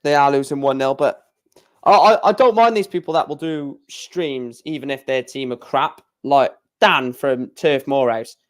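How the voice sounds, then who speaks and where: A man's voice: mid-range voice, normal speed. A young man chatting casually on a live stream, rambling with stammered restarts and blunt opinions.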